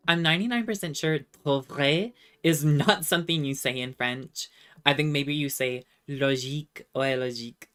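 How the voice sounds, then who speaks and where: A woman's voice: low voice, moderate pace, clear, resonant tone, faint music behind. A woman streamer in casual chat, reading viewer comments aloud, laughing often and trying out rusty French.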